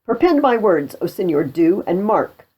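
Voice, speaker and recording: A woman reading the part of a cowardly, boastful male soldier in a play, pushing her voice higher and louder. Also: big pitch swings, moderate pace, breathy edge. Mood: blustering. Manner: loud, high-pitched bluster.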